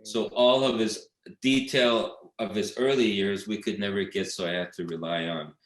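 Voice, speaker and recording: A documentary director appears as an interview guest, speaking at a moderate pace in a fairly low, steady voice. He tells stories casually and ramblingly, with many fillers and restarts, and the recording has a roomy echo.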